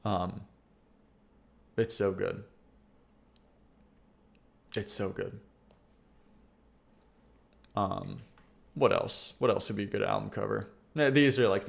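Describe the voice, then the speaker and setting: A man's voice: lowish voice, creaky. A man hosting a music-review livestream, talking casually in a rambling, slangy way and swearing freely.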